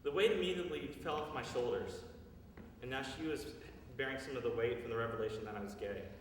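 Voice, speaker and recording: A man's voice: medium pitch, fast talker, a little hiss or hum. A man in his thirties telling a personal story in an earnest, confessional way at a live storytelling show. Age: 30s. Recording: echoey live hall from far off.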